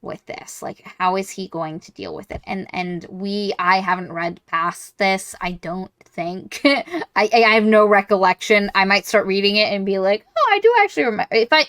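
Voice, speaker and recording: A woman co-hosting a casual book podcast, retelling a plot with lively acted-out quotes. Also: medium pitch, no room sound. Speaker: podcast co-host.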